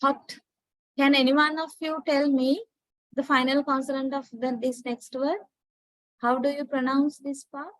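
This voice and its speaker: Slow deliberate woman teacher. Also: sits high, flat delivery, dry recording, rough recording. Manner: slow, deliberate, repeats words for pronunciation drills. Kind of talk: classroom lecture.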